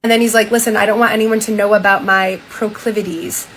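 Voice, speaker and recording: A young woman streamer casually retelling a diary, often dropping her voice low and flat for the quotes. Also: fast, slight background noise, rough recording. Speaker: streamer reading a diary aloud. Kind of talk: casual reaction chat, retelling a story.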